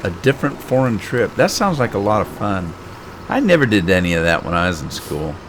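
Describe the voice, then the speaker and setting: A middle-aged man talks in a lowish voice while streaming a farming game. He chats and jokes easily as he reads the chat aloud. A faint hum sits under the recording. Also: sing-song, fairly quick. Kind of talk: casual game live stream.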